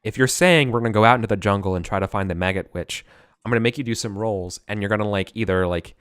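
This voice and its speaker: Bright-voiced man running a tabletop game. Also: on the low side, quick pace, smooth, no room sound, studio quality. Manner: casual, rambling, swears freely. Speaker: game master.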